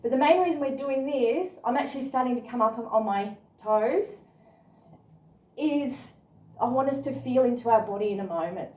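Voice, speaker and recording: A woman guiding a yoga class through movement and body awareness, speaking in an encouraging, gently instructive way. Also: sits high. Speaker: yoga and meditation teacher. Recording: roomy sound from a distant mic.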